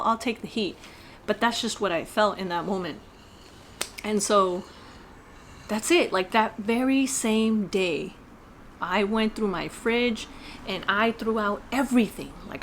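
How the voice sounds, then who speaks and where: A woman's voice: medium pitch, slight background noise. A woman vlogger telling a personal story in a casual, earnest, rambling way with many fillers.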